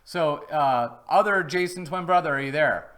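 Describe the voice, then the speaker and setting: A man's voice: on the high side, moderate pace, a bit bright. A man hosting a casual live-stream product review from home, chatty and rambling, with easy jokes. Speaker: host.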